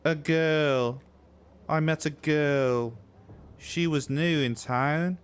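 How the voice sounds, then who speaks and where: A man's voice: fairly high pitch, steady tone, drawn-out words, smooth, voice pushed up. A man voicing a worried game townsperson, speaking hesitantly about a missing girl.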